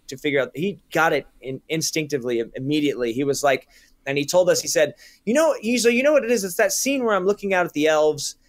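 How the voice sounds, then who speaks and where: Animated storytelling male film director. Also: on the high side, dry recording. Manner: animated anecdotes, many restarts and acted quotes. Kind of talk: interview storytelling.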